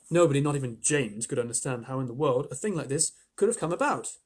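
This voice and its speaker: A man's voice: mid-range voice, expressive, fast talker, hardly any pauses, darkish tone, slightly rough. A man reading a children's book aloud live, with playful, chatty asides. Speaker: storyteller.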